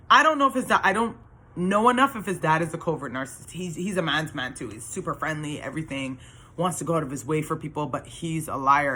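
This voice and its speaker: A woman's voice: low-pitched, bright, forceful tone. A woman telling her own story in a casual, earnest monologue that rambles, with many restarts and fillers.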